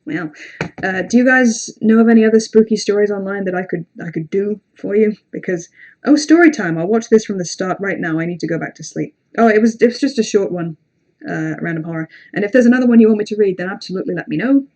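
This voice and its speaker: A woman's voice: mid-range voice, fast, darkish tone. British woman, young adult, casual livestream chat, rambling, sweary, self-deprecating. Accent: British English. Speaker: livestream host reading horror stories. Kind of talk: casual live-stream chat and story reading.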